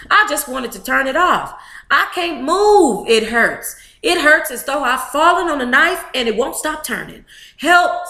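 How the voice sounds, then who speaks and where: A woman's voice: sits high, bright, forceful tone, reverberant. A woman reading a memoir aloud to a live book club chat, emotive and blunt, with profane asides.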